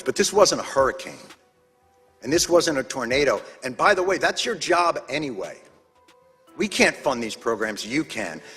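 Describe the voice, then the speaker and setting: An angry man delivers an impassioned speech in emphatic, measured bursts. His voice is slightly husky and pitched a little high. Long hall reverb surrounds him, with faint music underneath. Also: fairly bright tone. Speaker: advocate testifying at a congressional hearing.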